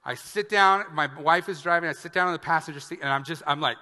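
A man preaching as a pastor, telling a funny personal story with animated, acted-out quotes before outlining scripture. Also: on the high side, fast talker, few pauses. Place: church sanctuary. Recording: long church-hall reverb.

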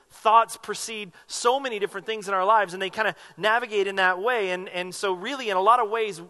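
A man's voice: high voice, pushed and bright. A man preaching a sermon as pastor, earnest and emphatic, repeating phrases for weight.

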